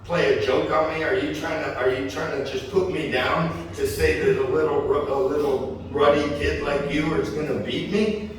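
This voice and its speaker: A boastful giant warrior sneers and taunts his young opponent, as a preacher acts him out. The voice is pushed higher than normal and full of scorn. It rings through a large echoing room from a mic set well back. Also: fairly even intonation, moderate pace, close to an everyday voice. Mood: scoffing. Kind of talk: sermon retelling with acted quotes. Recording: echoey church hall from far off.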